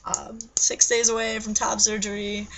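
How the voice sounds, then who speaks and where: A woman's voice: on the high side, monotone, normal speed, noisy background. A young adult woman in her bedroom at night, ranting into her webcam in a scattered, agitated way and swearing often. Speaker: vlogger. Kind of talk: rambling webcam rant.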